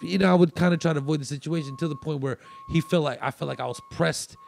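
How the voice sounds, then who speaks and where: Man, comedian guest, rambling story, fairly high voice, gravelly. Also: quick pace, darkish tone, slight background noise. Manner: rambling, many restarts. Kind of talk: casual storytelling.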